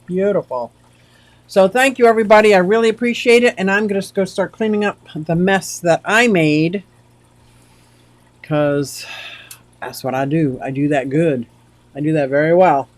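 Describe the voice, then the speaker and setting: A woman's voice: on the low side, moderate pace, pauses often, dry recording. A woman hosting a casual livestream from home, chatty and rambling as she reacts to the chat with frequent exclamations. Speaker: livestream host.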